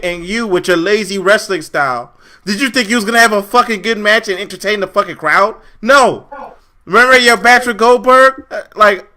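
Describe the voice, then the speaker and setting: High, bright-voiced ranting young man. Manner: profane, ranting, repetitive. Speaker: podcast co-host. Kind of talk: casual wrestling review chat.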